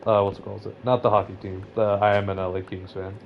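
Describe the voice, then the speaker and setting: A young man from California with a lowish voice rambles through casual game chat, tripping over his words and poking fun at himself. The sound is a little dull and lo-fi, with a faint hiss behind it. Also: quick pace, vocal fry. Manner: rambling, self-mocking, stammers when excited. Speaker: Minecraft player.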